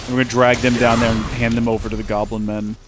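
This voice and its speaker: Brief: male let's play host, rambling, jokey gameplay commentary, mid-pitched voice. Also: level tone, fast talker, over music.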